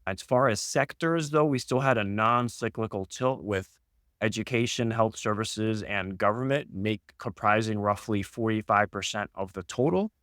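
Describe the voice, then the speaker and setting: A man speaking as an economist on a podcast, reading off job figures in a steady, data-heavy way. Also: fairly low pitch, moderate pace, dry recording, clean studio sound. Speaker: senior economist. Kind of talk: podcast market discussion.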